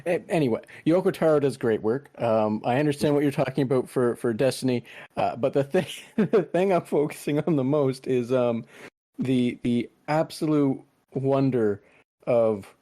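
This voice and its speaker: A male podcast host replying in a hesitant, halting way with many pauses and "um"s. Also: medium pitch, dark tone. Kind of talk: casual interview chat.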